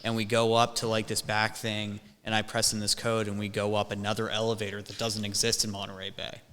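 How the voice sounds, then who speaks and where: Bright-voiced man with hall echo. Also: lowish voice, monotone, a little fast, clear, resonant tone. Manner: rambling storyteller, swears a lot, many restarts. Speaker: podcast host. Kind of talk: casual chat. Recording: long hall reverb.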